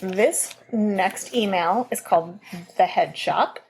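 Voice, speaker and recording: A woman's voice: mid-range voice, slow, a little mellow, slight background noise. A woman co-hosting a podcast in casual chat, giggly and chatty, reading out listener stories. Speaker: podcast co-host.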